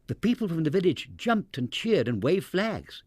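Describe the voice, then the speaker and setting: A man reads a children's storybook aloud with expressive, animated delivery. His pitch sits a little high for a man and rises and falls very widely. The close recording is dry, with no room sound. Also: moderate pace, breathy edge, no room sound.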